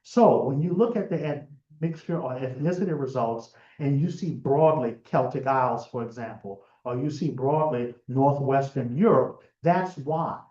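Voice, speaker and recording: A man's voice: medium pitch, normal speed, mellow. Man lecturing in a roomy, muffled room. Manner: conversational, explanatory, with frequent fillers and restarts. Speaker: genealogy presenter. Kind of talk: lecture presentation.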